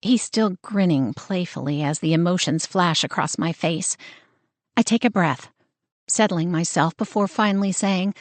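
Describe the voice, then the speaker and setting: A woman narrating a first-person romance audiobook in an expressive, wry storytelling manner. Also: lowish voice, moderate pace, no room sound.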